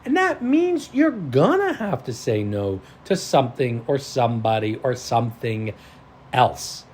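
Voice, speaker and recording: At a measured pace and in a mid-range voice, a mindset and self-leadership coach delivers an animated motivational talk with sudden bursts of loud stress. A little hiss or hum runs underneath.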